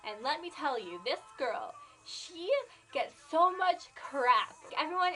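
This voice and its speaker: A nineteen-year-old woman vlogging, gushing excitedly about a band she loves, full of "like" and "oh my gosh". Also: sits high, low-quality recording. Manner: excitable, gushing, filler-heavy. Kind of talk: gushing fan vlog.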